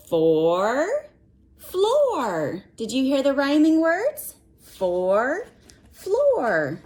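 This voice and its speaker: A woman's voice: high-pitched, very slow. A woman reading a picture book aloud to children, stopping to ask questions and count along with them. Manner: animated, asks the listener questions and counts along.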